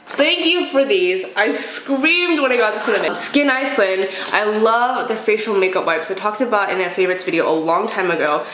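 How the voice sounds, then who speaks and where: A woman talks casually through her makeup routine, gushing with excitement over new products and poking fun at herself. She is sick today. The room echoes and there is a steady noise behind her. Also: mid-range voice. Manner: gushing, excitable, self-deprecating. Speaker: beauty vlogger. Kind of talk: casual get-ready-with-me chat. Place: home, doing her makeup.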